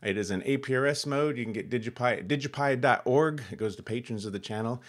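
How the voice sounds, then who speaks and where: A man's voice: medium pitch, quick pace. A man hosting a ham radio channel, explaining a radio demo in a rambling, chuckling way with lots of fillers. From California. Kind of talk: casual demo vlog.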